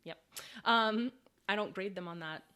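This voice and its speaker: A young woman who teaches high school English, telling stories in a casual podcast chat and laughing often as she talks. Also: a little slow, sharp tone, smooth. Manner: chatty storyteller, laughs often.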